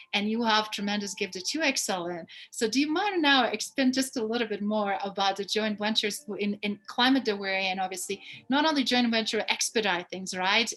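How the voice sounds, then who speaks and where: Woman podcast host, effusive praise, long winding questions, mid-pitched voice. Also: a bit bright. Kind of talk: podcast interview.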